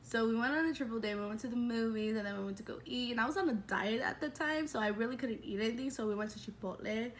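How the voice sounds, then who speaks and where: A woman in her twenties, a vlogger telling a personal story in a chatty, animated way with lots of fillers. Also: a little high, quick pace, few pauses, a little hiss or hum. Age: 20s. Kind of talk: casual storytelling.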